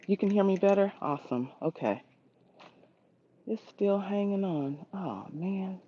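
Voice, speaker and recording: Her voice is medium-pitched, a little slow and edged with breathiness as she gives a casual outdoor livestream walkthrough of her backyard garden. Holding her phone while walking, she chats with viewers and greets them by name, and the phone audio is slightly dull.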